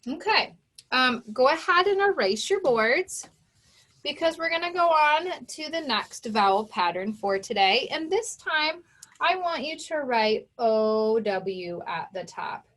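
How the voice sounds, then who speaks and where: A woman's voice: high-pitched, animated, unhurried, a bit bright. A woman teaching a children's phonics lesson, patiently sounding out words and spelling them letter by letter.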